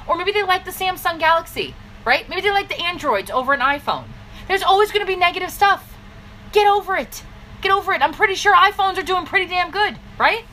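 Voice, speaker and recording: Blunt, bright-voiced woman coach. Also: a little hiss or hum, low-quality recording. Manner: blunt, scolding pep talk with sudden pitch swings. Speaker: business coach. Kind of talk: direct-to-camera motivational vlog.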